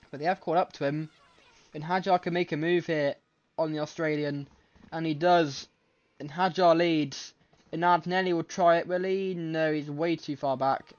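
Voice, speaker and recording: Excitable man commentating a race. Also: on the high side. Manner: excitable, often corrects himself mid-sentence. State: scratchy throat, coughing. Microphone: desk microphone. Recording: slightly muffled lo-fi mic.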